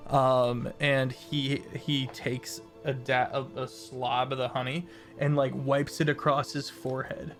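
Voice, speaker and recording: A man's voice: medium pitch, little pitch movement, unhurried, soft background music. A man narrating a tabletop game as game master, describing scenes with many fillers.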